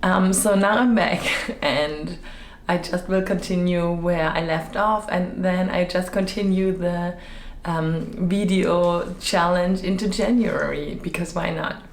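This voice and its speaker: Chatty woman with a lowish voice. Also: takes it slowly, slight background noise. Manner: rambling, chatty, many fillers. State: voice slightly off after illness. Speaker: web theme designer. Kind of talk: casual vlog chat. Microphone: microphone with fluffy windscreen. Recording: echoey room.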